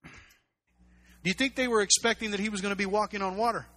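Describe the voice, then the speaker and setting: A pastor preaching a sermon, emphatic and repetitive, full of rhetorical questions. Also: male voice, high voice, steady tone, a little fast, bright, forceful tone.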